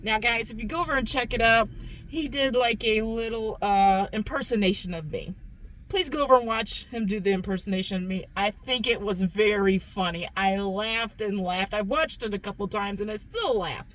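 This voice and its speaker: A woman's voice: medium pitch, normal speed, fairly bright tone, rough recording. A woman hosting a casual food review vlog, chatty, repeating herself and calling her viewers "guys". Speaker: food review channel host.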